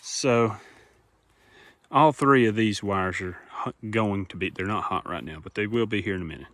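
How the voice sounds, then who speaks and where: A man's voice: on the low side, normal speed, a bit bright, no room sound. A young man filming himself on his farm, talking through his fencing work in a plainspoken, casual way. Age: young adult. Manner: plainspoken, thinks aloud while working. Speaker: farmer filming a farm vlog. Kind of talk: casual talk to camera. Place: outdoors on a farm field. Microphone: phone propped up nearby.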